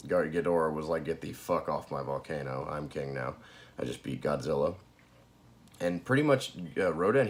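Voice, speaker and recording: Casual guy reviewer, low voice, profane and rambly, lots of ums. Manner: rambling and profane, with frequent fillers and laughs. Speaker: movie reviewer. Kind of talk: casual spoken movie recap.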